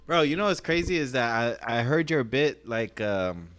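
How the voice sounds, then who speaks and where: A man's voice: mid-range voice, expressive, moderate pace, over music. A man, a comedian, telling stories in a casual podcast chat, slangy and laughing as he goes. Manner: laid-back, slangy, peppers speech with "bro" and "dog".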